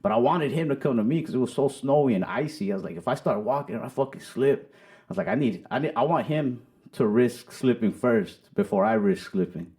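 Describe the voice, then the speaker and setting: A man's voice: mid-range voice, animated, a little fast, a little mellow. Profane young man telling stories. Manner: loose, profane storytelling with many "like" fillers. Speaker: guest comedian. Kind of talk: casual podcast chat. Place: podcast studio. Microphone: studio microphone.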